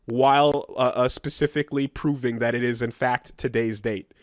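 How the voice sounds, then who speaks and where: A man's voice: medium pitch, fairly even intonation, moderate pace, no room sound, studio quality. A man co-hosting a podcast in casual banter, laid-back and rambling, swearing freely. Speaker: podcast co-host.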